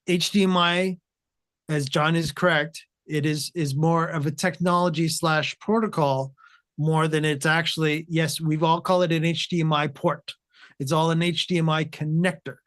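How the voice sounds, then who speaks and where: A man's voice: on the high side, fairly bright tone. A man hosting a video tech show, rambling and circling before he makes his point. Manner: rambling, many fillers and restarts. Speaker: host. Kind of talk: casual tech talk.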